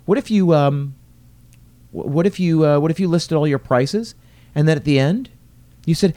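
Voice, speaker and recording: A middle-aged man with a warm, mellow tone gives an earnest solo podcast talk, circling his point with rhetorical questions. His pitch rises and dips freely as he leans on key words. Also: expressive, normal speed, long pauses. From lives in New York City. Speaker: restaurateur and podcast host.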